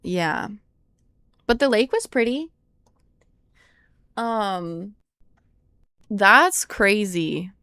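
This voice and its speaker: Young woman streamer, casual rambling chat; slow, smooth and clear, recorded dry and close. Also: medium pitch, animated, pushed and bright, no room sound. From United States. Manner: rambling and easily surprised, swears when startled. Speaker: livestreamer.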